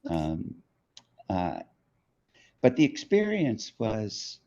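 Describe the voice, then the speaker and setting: An older man tells a childhood story in an interview. He speaks slowly in a very low voice and acts out the people he quotes. The audio is dull and lo-fi. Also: wildly swooping pitch, dark tone. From New York. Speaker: author being interviewed.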